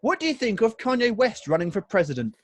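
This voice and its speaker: Lively young man reading news with laughs. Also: sits high, fast, no room sound. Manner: laughs often, swears freely. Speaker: podcast co-host. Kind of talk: casual chat, reading news aloud.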